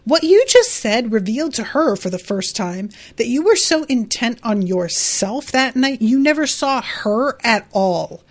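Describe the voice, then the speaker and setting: A woman reading aloud as a sharp, blunt adult woman who scolds in measured lines. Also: fairly high pitch, expressive. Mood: scolding.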